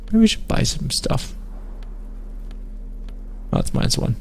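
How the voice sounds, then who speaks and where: A man's voice: unhurried, darkish tone, a little hiss or hum. A man hosting a let's play, making dry, offhand remarks as he plays through a game. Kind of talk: casual gameplay commentary.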